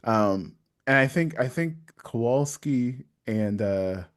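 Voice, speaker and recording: A man's voice: medium pitch, slow. A man guesting on a podcast, chatting casually and playfully taking the contrary side. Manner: playful contrarian, swooping expressive delivery.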